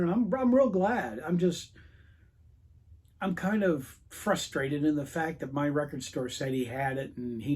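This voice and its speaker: With a husky, dark, medium-pitched voice, a man tells his record collecting channel's camera a rambling, exasperated story, quoting lots of dialogue in a casual rant.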